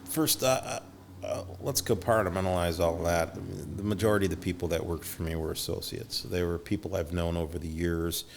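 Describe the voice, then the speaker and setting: A man's voice: low-pitched, steady tone, brisk, vocal fry, a little hiss or hum. A middle-aged man telling stories as a podcast guest, acting out quotes with big jumps in his voice and swearing freely. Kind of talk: storytelling interview.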